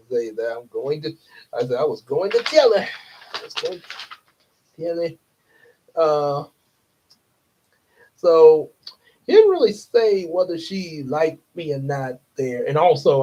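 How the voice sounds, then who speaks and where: A young man hosts a casual livestream, rambling along with frequent chuckles and fillers. His voice is mellow and medium in pitch, and the stream audio is dull and lo-fi.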